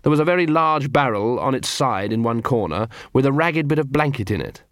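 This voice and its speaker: A man gives a steady, measured reading of a scripted audiobook in a medium-pitched voice. It's a dry recording of studio quality.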